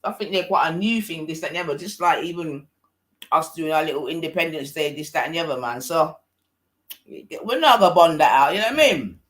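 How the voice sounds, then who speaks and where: A man's voice: fairly high pitch, lively intonation, brisk, a bit bright. A man in casual, hesitant, slangy podcast chat. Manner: hesitant, filler-heavy, slangy.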